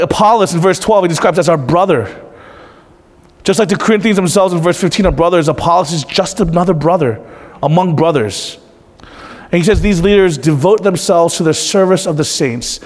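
A man's voice: on the high side, normal speed. Pastor guy preaching, earnest and kinda emotional, tosses questions at the room, echoey church hall. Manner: earnest, emotional, confessional, asks the crowd questions. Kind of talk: sermon.

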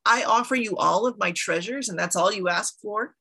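A woman's voice: mid-range voice, normal speed, bright, forceful tone, slightly rough. A woman voicing a lonely goddess queen of the dead, moaning and drawn out. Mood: eager. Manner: moaning, pleading, then raging.

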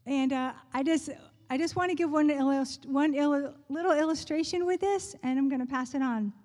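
A woman telling a personal faith story in a church talk, earnest and quick to laugh, dropping to a hushed voice when she prays. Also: high voice, in a large hall. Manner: earnest, laughs often, drops to a soft hush in prayer. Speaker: speaker sharing a testimony.

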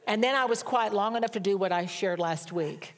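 A woman's voice: medium pitch, fairly quick. A middle-aged woman preaching a sermon, telling a personal story in a candid, self-mocking way. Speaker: pastor.

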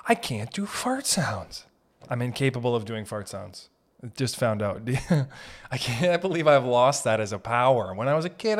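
A man's voice: mid-range voice, sing-song, normal speed. A man hosting a comedy podcast, rambling through jokes in a giggly, profane way as he jumps from one bit to the next. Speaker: podcast host.

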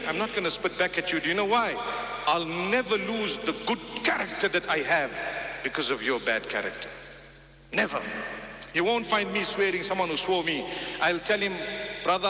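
A man's voice: sits high, slight background noise. A man preaching a sermon, emphatic and repetitive, with phrases quoted in Arabic. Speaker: Islamic preacher. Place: large hall at a gathering. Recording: roomy hall, dull lo-fi broadcast sound.

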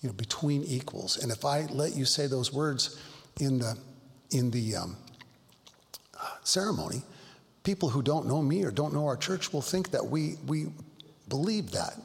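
A middle-aged male pastor leads a church Bible study, speaking with an earnest, halting delivery full of restarts. His voice has a gravelly, creaky edge and sits at an ordinary pitch. The sound carries a long reverb from the hall. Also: expressive. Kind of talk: Bible study talk, storytelling.

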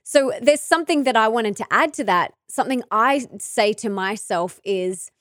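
Female podcast host, enthusiastic and encouraging; slightly high pitch, dry studio sound. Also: lively intonation, normal speed, fairly bright tone, no echo. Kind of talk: conversational interview.

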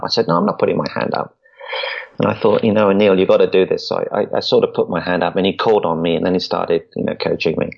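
A man's voice: sits low, creaky, breathy edge. A man, a podcast guest, telling his story in an earnest way and often repeating words as he starts a sentence. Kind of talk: storytelling interview. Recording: dull lo-fi audio.

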